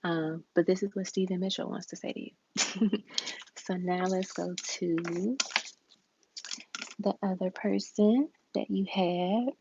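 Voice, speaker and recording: A woman chats her way through a live tarot reading, relaxed and talkative. Her voice sits low with a gravelly fry. The stream audio is dull and lo-fi, with steady hiss and keyboard clicks behind her. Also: slow, long pauses. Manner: casual, chatty, laughs often, reads card messages aloud. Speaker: tarot reader.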